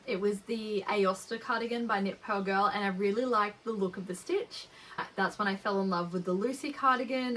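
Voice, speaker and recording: Chatty Australian woman with a bright voice. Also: medium pitch, low-quality recording. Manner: chatty, rambling. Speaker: knitting podcast host. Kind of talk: casual chat.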